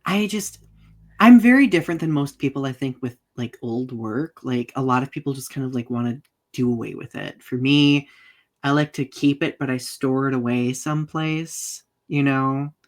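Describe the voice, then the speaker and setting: This co-host of a casual live video podcast is an eager man who keeps firing off questions. He talks at a moderate pace in a mid-range voice, picked up by a home microphone setup.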